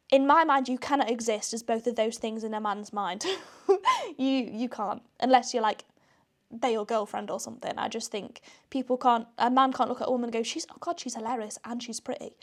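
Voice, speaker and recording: A young British woman with a British accent, hosting a podcast in a chatty, self-deprecating manner, often laughing at herself. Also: a little high. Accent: British English. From Britain. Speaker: podcast host. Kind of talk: casual chat.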